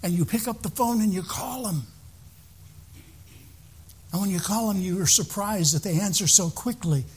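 A man's voice: high-pitched, breathy edge. A man preaching a sermon as pastor, talking to the congregation and often repeating words and restarting phrases.

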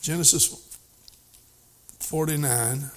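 A man preaching a sermon, reading scripture aloud in old wording and explaining it plainly, his voice rising to emphatic and dropping to hushed. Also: fairly high pitch, slow pace. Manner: voice rises and falls widely, at times emphatic, at times hushed.

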